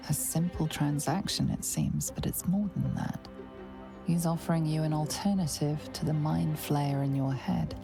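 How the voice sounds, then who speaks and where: A soft whispering dream companion in a game, low and creaky, loud music behind. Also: female voice, moderate pace. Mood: urging. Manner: whispered, urging, intimate. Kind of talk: video game voice acting.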